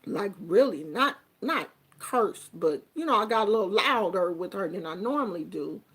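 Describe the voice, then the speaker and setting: A woman's voice: mid-range voice, lively intonation, moderate pace, a bit bright, husky. An older woman, a grandmother, talking earnestly and reflectively about family and communication in a casual monologue. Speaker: vlogger giving life advice.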